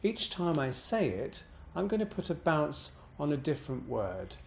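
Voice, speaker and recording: A man coaching voice exercises, calmly explaining each step and demonstrating pitch bounces on words. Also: normal speed, vocal fry, slight background noise. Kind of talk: instructional voice exercise demo.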